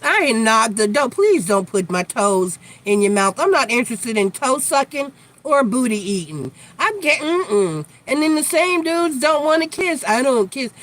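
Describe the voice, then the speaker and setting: A woman's voice: fairly high pitch, big pitch swings, moderate pace, fairly bright tone. A woman hosting a casual live tarot chat, blunt and chatty with free swearing, tired and yawning from lack of sleep. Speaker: tarot reader, live stream host.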